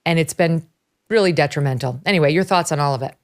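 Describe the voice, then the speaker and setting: A middle-aged woman from upstate New York hosting a talk show, animated and emphatic, laughing as she talks. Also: low voice, fast talker. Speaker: host. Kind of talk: casual conversational commentary.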